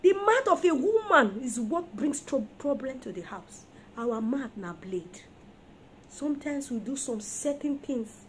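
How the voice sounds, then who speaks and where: A woman's voice: sits high, animated, unhurried, slight background noise. A woman preaching an emphatic sermon on marriage, firing rhetorical questions at her listeners.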